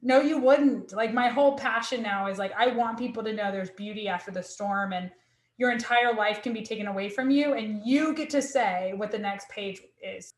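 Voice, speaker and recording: A woman's voice: medium pitch, moderate pace. A woman academic, a guest, telling candid personal stories with earnest feeling and frequent restarts. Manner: earnest, emotional, with many restarts. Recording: roomy echo.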